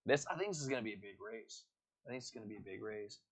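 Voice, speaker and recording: An American man commenting on an online racing league, excitable and quick to hype close results. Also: on the low side. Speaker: race commentator. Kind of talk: esports race commentary.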